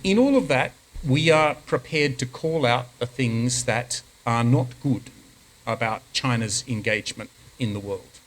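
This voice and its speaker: Firm, deliberate Australian man, measured policy talk. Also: medium pitch, a bit bright, rough recording. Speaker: diplomat answering questions. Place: conference hall.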